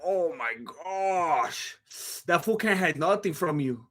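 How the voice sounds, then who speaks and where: A high-pitched man hosts a live fight reaction stream. He talks excitably and teases as he goes, and his pitch swings all over the place. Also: takes it slowly. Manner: excitable, laughs often, teasing.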